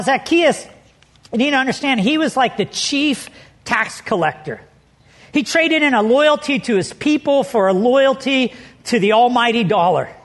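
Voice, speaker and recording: A man's voice: very high-pitched, a bit bright. A middle-aged man preaching a sermon as pastor, telling stories with animation and leaning hard on key words.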